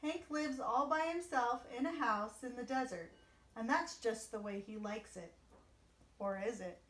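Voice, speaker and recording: A woman storyteller reading a children's picture book aloud with an expressive, animated delivery. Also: on the high side, unhurried, echoey room, far from the mic, a little hiss or hum.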